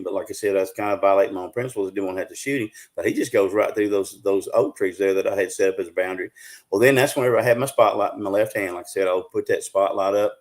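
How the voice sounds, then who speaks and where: This guest, a Bigfoot researcher, is a middle-aged man from the American South with a somewhat low, slightly mellow voice. He unspools a lengthy yarn at an unhurried pace on a live show, chatting casually and stumbling through plenty of fillers and false starts.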